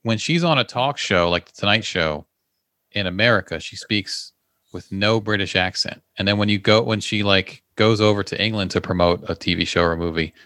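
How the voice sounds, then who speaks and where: A man's voice: on the low side, fairly quick, bright, forceful tone, dry recording. A man hosting a podcast, telling stories bluntly with casual swearing. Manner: blunt, profane, storytelling.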